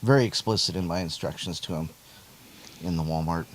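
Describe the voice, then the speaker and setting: A man co-hosting a podcast who chats casually and cuts in with quick, sarcastic asides. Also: low-pitched, slight background noise, rough recording. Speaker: podcast co-host. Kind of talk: casual chat.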